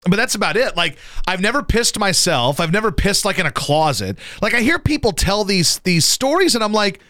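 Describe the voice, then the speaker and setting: A man hosting a radio show, chatting casually about sports in a profane, animated way and jumping into high yelps to mimic people. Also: moderate pace, dry recording, clean studio sound. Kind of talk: casual sports talk banter.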